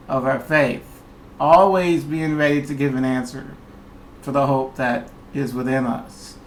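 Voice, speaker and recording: Slow, earnest man giving a devotional. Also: on the high side, a bit bright, a little hiss or hum. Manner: slow, earnest, folksy preaching. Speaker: youth pastor. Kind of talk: short devotional talk.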